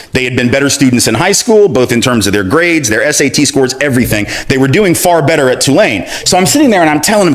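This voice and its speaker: A man speaking to an audience in a lively, conversational way. He tells his story with self-mocking humor and drops in quick asides to check that listeners are following. His voice sits at an ordinary middle pitch. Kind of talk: storytelling talk.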